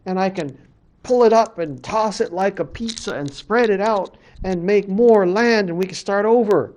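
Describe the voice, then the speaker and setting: A man's voice: high voice, moderate pace, a little mellow, slight background noise, voice pushed up, natural voice. A man voicing a male coyote trickster in a told creation story, muttering worriedly to himself and then hatching a plan. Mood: scheming. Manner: talks to himself, worried and plotting.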